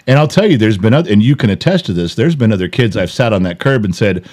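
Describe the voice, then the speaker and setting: A middle-aged man chatting on a podcast in a voice of ordinary middle pitch. He is blunt and joking, with the odd curse. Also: animated, quick pace, hardly any pauses, a little mellow. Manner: blunt, joking, a bit profane. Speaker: podcast co-host. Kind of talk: casual chat.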